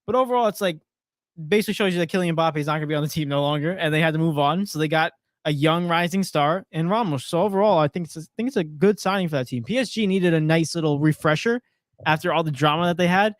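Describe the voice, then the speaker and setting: A man co-hosting a podcast, talking quickly in a teasing, casual way about sports and laughing often. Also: on the high side, no room sound, studio quality. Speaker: podcast co-host.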